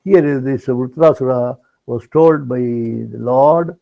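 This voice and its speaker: A man's voice: mid-range voice, a little slow, creaky. An older man giving a rambling devotional discourse, full of restarts and repeated words. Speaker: spiritual speaker. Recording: dull lo-fi online talk recording.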